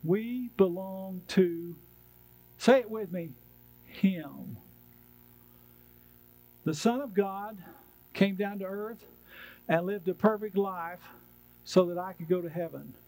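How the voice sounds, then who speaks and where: Pastor guy preaching, kinda high voice, hammering the same lines over and over. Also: slow, pauses often, darkish tone, rough recording. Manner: emphatic preaching with repeated refrains. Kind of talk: sermon. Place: church.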